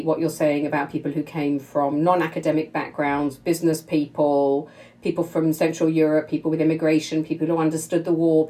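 A woman's voice: deep voice, darkish tone. A woman interviewing a guest in conversation, emphatic and effusive.

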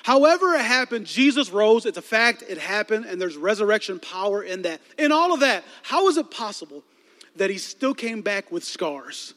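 Male preacher, high and bright, animated and joking with the crowd; long hall reverb. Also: normal speed. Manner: lively, playful, acts out movie scenes with voices. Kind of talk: animated sermon storytelling.

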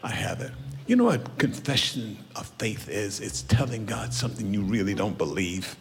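A man preaching a sermon as a storytelling pastor, swinging from hushed asides to loud, lively bursts. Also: lowish voice, moderate pace. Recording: roomy church hall with music behind.

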